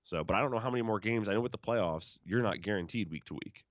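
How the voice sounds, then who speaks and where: A man co-hosting a sports talk show, giving quick, blunt opinions in casual chat. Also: on the low side, no room sound, muffled recording.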